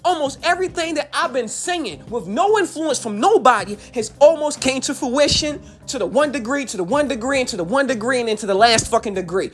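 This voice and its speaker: A woman's voice: high-pitched, expressive, fairly quick, hardly any pauses, faint music behind. A woman from Baltimore, a YouTube commentator and rapper, delivering a hyped, profane reaction rant to camera and repeating phrases for emphasis.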